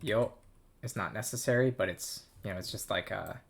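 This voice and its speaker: A man's voice: lowish voice, normal speed, vocal fry. A man casually reading through a text, thinking aloud in a hesitant, self-amused way. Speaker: language learner reading a game aloud.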